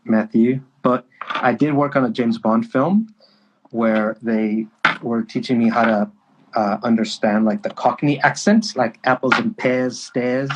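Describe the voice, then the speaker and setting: A man's voice: mid-range voice, fairly even intonation, a little slow, noisy background. A man hosting his own livestream, chatting casually and joking around with a guest. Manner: playful, jokey banter. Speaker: livestream host.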